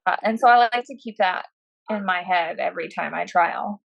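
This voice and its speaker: A woman's voice: fairly low pitch, vocal fry, no room sound, dull audio. A woman hosting a podcast, chatting casually and agreeing readily with her guest. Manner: agreeable, quick to back up the guest.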